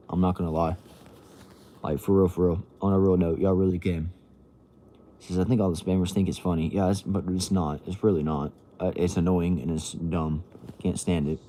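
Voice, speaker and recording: A young adult man with a deep, mellow voice is livestreaming from home, chatting casually and reading viewer comments. He's laid-back and drawling, tossing out "bro" and "y'all," while a TV murmurs faintly from another room.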